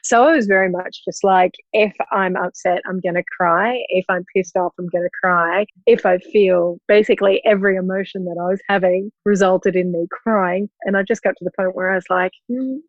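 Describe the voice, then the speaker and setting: A woman in her forties speaking openly and emotionally in a personal conversation, often laughing softly through hard moments. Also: mid-range voice, steady tone, a little fast, hardly any pauses, no room sound, highs cut off. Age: 40s. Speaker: guest.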